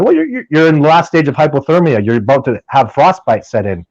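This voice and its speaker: A man's voice: medium pitch, quick pace, no room sound. Emphatic man, dull dry lo-fi sound. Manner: animated, emphatic storytelling with many restarts. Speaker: podcast guest, field researcher. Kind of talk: casual interview chat.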